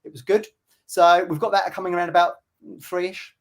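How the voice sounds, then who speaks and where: A man's voice: high-pitched, flat delivery, moderate pace. A man co-hosting a casual fan podcast over a video call, chatty, laughing often and grumbling in fun. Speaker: podcast co-host.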